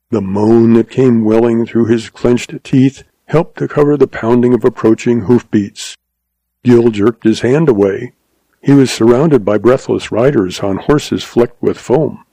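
A man reads a western novel aloud in a steady, dramatic way. His voice is gravelly and husky with a dark, mellow tone. The recording is dry and close. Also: medium pitch, no echo, low-quality recording. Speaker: narrator. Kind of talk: audiobook narration of a western.

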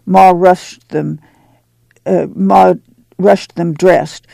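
A man narrating an audiobook at a steady, measured pace. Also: sits high, vocal fry, dry recording, poor audio.

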